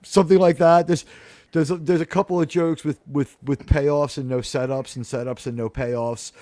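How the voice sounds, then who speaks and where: A man's voice: on the high side, fairly even intonation, moderate pace, dark tone, dry recording. A man hosting a casual podcast panel, talking in a rambling, sarcastic way with mocking asides. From United States.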